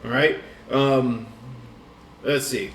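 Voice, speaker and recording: A man's voice: medium pitch, steady tone, drawn-out words, fairly bright tone, soft background music. A man narrating a tabletop game as dungeon master, casual and coaching his players. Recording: echoey room, distant mic.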